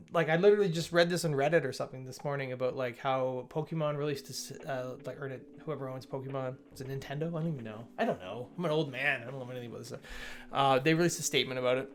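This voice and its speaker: Gravelly-voiced man hosting a casual stream. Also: mid-range voice. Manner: rambling, self-correcting, greets chat viewers; reads changelog items aloud and comments. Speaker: livestream host reviewing software updates. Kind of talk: casual livestream chat.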